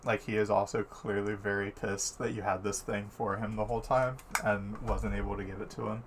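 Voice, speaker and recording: A man's voice: lowish voice, little pitch movement, fairly quick, background noise. A man narrating as game master of a tabletop game, laid-back, with many fillers and easy laughs.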